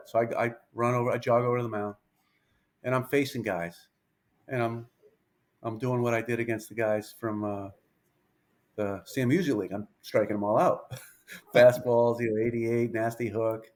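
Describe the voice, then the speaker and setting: Lively storytelling man in his fifties. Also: medium pitch. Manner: lively anecdotal, acts out dialogue. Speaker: pitching coach, interview guest. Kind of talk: storytelling interview.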